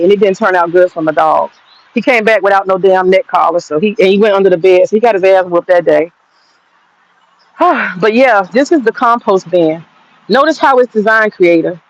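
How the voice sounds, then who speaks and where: A woman with a mid-range voice, recorded with dull audio, vlogs in her backyard on a handheld phone. Her casual chat turns into rambling stories full of swearing.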